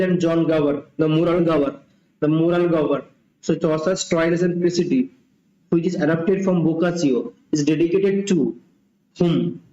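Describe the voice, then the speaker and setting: A man's voice: fairly high pitch, warm tone. A man tutoring for an exam, repeating himself and thinking aloud with fillers. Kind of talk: mock test lecture. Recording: dull, roomy home recording.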